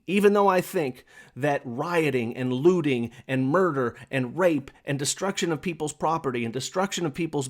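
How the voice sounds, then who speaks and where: A man hosting a podcast, delivering an impassioned, preachy monologue with lots of repetition while smoking a pipe. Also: medium pitch. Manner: smokes a pipe while talking. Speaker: podcast host. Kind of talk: opinionated monologue.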